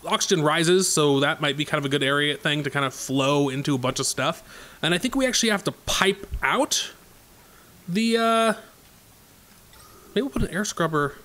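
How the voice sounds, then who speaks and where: A man's voice: a little high, animated, normal speed, bright, forceful tone. A man casually commenting on his own gameplay, thinking aloud in a chatty way with many fillers. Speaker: let's play host.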